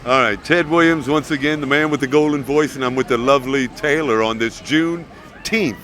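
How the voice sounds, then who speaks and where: A man's voice: mid-range voice, brisk, music in the background. An older man hosting his own show, telling stories casually, laughing often and acting out voices from his stories. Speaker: show host. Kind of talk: casual storytelling monologue.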